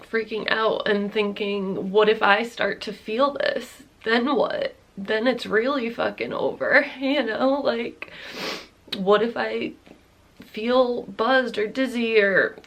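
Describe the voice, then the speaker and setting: A woman's voice: a little high, fairly even intonation, slow, a bit bright. A woman in her thirties telling a personal story to camera in a rambling, candid way, full of "like"s, swearing and nervous laughs. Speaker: vlogger.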